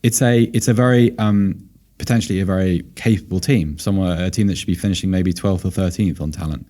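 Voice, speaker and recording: A man with a low, dark voice talks football on a casual podcast. He thinks out loud, hedging with plenty of fillers, and his voice sounds a little worn from talking a long time. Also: steady tone, fast. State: voice slightly tired. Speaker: podcast co-host, football analyst.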